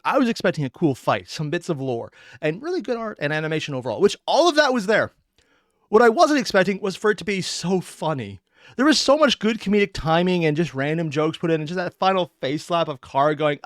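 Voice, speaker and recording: A man hosting a reaction video, giving casual commentary in an excited, laugh-prone way. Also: on the high side, dry recording, clean studio sound. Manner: animated, laughs often, excited.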